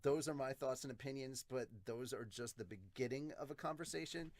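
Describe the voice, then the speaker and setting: A man with a mid-range voice hosts an anime podcast and reads viewer comments in a relaxed, chatty way. He swears now and then and laughs easily. His voice is recorded close and dry, with no room sound. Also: mid-range voice, fairly quick, dry recording. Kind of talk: casual comment-reading review.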